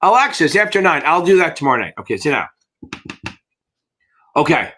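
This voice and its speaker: A man's voice: a little high, sing-song, a little fast, sharp tone. A middle-aged American man teaching exam prep in a live Q&A, blunt and rambling, with frequent swearing.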